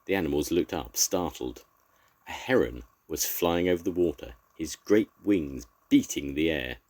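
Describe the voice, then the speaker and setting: A man's voice: very deep voice, expressive, moderate pace, darkish tone. An older man, a grandfather, expressively reading a children's story aloud.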